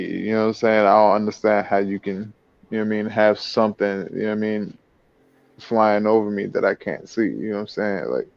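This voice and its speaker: A man in casual chat, rambling and leaning on "you know what I'm saying" after nearly every phrase, with a gravelly voice. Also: lowish voice, darkish tone, no echo. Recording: dull, lo-fi, dry sound.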